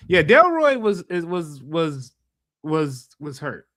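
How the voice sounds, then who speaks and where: A man hosting a casual podcast, talking in an animated, profane way and repeating himself when worked up. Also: a little high, slow pace, no room sound, clean studio sound. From Los Angeles area. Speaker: podcast host.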